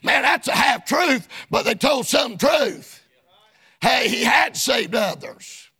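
A man preaching a sermon in a fervent, shouted, chanting cadence with frequent "uh"s. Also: extremely high pitch, lively intonation, slow, slightly rough.

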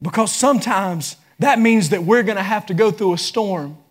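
A man preaching a sermon, building into fervent shouts. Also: high voice, normal speed. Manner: impassioned, rising into shouts.

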